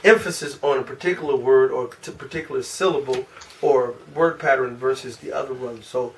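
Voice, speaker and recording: A man with a mid-range voice teaches an informal class, speaking fairly quickly in a loose, rambling way and restarting often. A camera across the room captures him from a distance, with faint room noise.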